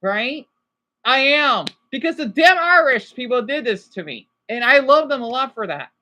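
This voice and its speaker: Ranting American woman livestreamer, higher voice. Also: sing-song, normal speed, pushed and bright. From Arizona, USA. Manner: rambling, emphatic, keeps asking "okay?". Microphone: basic home setup.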